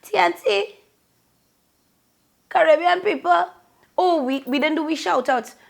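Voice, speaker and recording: Trini woman vlogging, slow drawn-out shout-outs, gravelly fry, all warm and effusive. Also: very high-pitched. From Trinidad and Tobago. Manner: effusive, sing-song, calling out places. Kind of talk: casual shout-outs to viewers.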